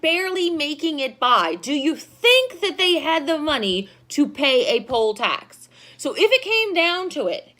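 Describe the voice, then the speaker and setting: Woman teacher, high lively voice, gets loud and fast when excited, laughs a lot. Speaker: history teacher. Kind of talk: recorded classroom lecture.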